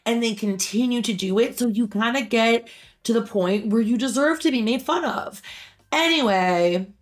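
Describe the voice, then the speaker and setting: A woman's voice: on the high side, normal speed. A woman in her thirties hosting a reaction channel, commenting casually on online stories in a snappy, blunt way and swearing freely.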